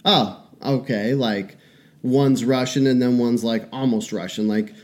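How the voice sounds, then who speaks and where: A man's voice: mid-range voice, fairly even intonation, a little slow, dark tone. A man in his forties, a podcast co-host in casual chat who tells stories with profanity and self-deprecating jokes.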